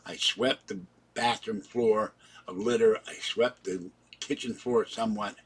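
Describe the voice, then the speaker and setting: A man's voice: on the low side, steady tone, measured pace, husky. A man telling a long, rambling personal story in a casual vlog, recounting events in the present tense. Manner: breaks off to talk softly to his cats. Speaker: vlogger.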